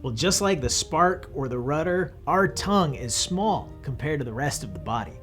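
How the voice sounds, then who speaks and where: A man's voice: a little high, lively intonation, normal speed, over music. Upbeat young man teaching kids. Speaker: children's ministry teacher. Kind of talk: scripted Bible lesson for kids.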